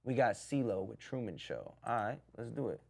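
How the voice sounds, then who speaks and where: A man hosting a live music review stream, giving blunt critiques and shouting out viewers in the chat. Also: fairly low pitch, lively intonation, normal speed, vocal fry. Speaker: music review livestream host. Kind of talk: casual live-stream commentary.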